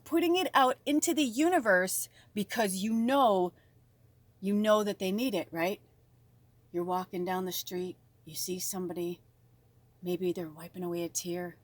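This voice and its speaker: A tarot reader with a mid-range voice speaks at a moderate pace directly to her viewers, giving an emotional spiritual card reading in a gushing manner. The recording has no room sound.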